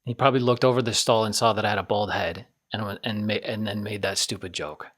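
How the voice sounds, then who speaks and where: A man in his twenties hosts a podcast, speaking fast in a fairly low, steady voice with a fairly bright tone. His casual story rambles, loops back on itself, repeats, and pokes fun at himself.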